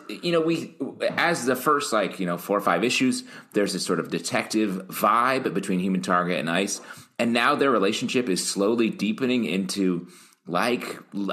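Low-voiced man with lively animated delivery. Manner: animated, jokey, pitch jumps up when teasing. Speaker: podcast co-host. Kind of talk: casual comic book chat.

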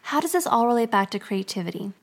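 A woman hosting a podcast, narrating a guided story in a soft, often half-whispered way. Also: fairly high pitch, sing-song, fast. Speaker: podcast host.

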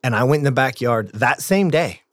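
A man's voice: mid-range voice, lively intonation, fairly quick, a bit bright, no echo, studio quality. A man guest on a podcast, telling a personal story in a casual, earnest way with frequent restarts.

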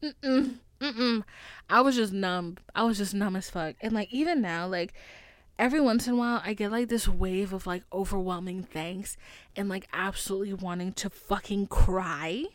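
A woman's voice: medium pitch, normal speed, dry recording. A young woman from the United States hosting a podcast, talking in a casual, rambling, profanity-heavy confessional monologue and laughing to cope. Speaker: podcast host.

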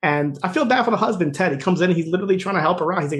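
A man talks quickly and loosely in a casual podcast recap, piling up fillers and acting out what characters said. His voice sits a little higher than most men's. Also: animated, fairly bright tone. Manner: rapid, filler-heavy retelling, acting out quoted lines. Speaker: podcast co-host.

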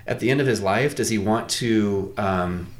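Lower-voiced man from Iowa, earnest podcast guest, rambling, self-correcting storyteller. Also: moderate pace. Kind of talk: conversational debate.

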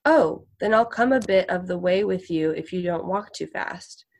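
A woman voicing a frail, husky eighteen-year-old boy of the road, blunt and fierce. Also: fairly low pitch, moderate pace, darkish tone. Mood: streetwise.

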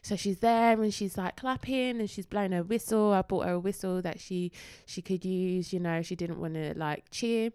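A woman's voice: mid-range voice, moderate pace, hardly any pauses, smooth, no room sound, clean studio sound. A young woman, telling a story in casual chat and acting out the voices of the people in it. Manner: animated, acts out voices in her stories.

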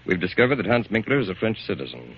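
An actor in a 1940s radio drama playing a police captain who questions the household in a brisk, businesslike way. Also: male voice, on the low side, sing-song, slightly rough. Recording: dull old radio recording, faint hiss.

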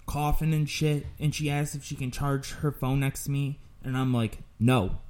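Young male host, crude profane storyteller, mellow dark voice. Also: mid-range voice, little pitch movement, moderate pace. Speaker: podcast host. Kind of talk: casual chat.

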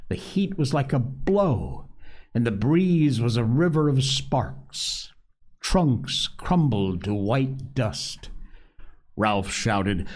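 A man narrating a novel aloud with a slow, deliberate, expressive delivery. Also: mid-range voice. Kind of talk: audiobook novel reading.

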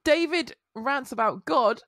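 A woman's voice: high-pitched, expressive, unhurried, fairly bright tone, no echo, clean studio sound. A woman co-hosting a casual podcast, giggly and teasing. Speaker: podcast co-host.

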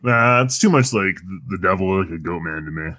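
A man's voice: low-pitched, expressive, brisk, bright, forceful tone, dry recording, clean studio sound. A man chatting casually and teasing, often breaking into laughter. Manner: giggly, teasing. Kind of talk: casual chat.

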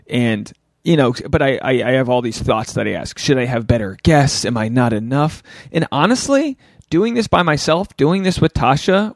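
A man hosting a solo podcast, rambling candidly and swearing freely as he thinks out loud, often restarting his sentences. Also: medium pitch, vocal fry, no echo, clean studio sound. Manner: self-reflective, often restarts thoughts. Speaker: podcast host.

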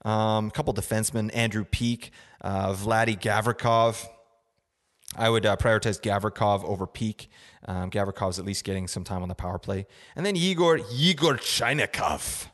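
A man's voice: lowish voice, level tone, moderate pace, in a large hall. A young man hosting a casual fantasy sports podcast, rambling with lots of fillers and asking "right?" often. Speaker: podcast host. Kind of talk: casual fantasy hockey advice.

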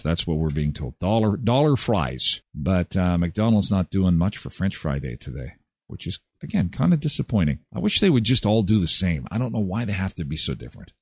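A man's voice: fairly low pitch, husky, no room sound. A man hosting a morning show, chatting casually and rambling with self-mocking asides. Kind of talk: casual live radio chat.

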